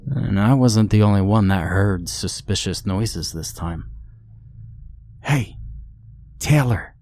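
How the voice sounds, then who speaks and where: A man narrating a horror story in a steady, ominous storytelling manner. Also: fairly low pitch, unhurried, vocal fry. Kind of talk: scripted narration.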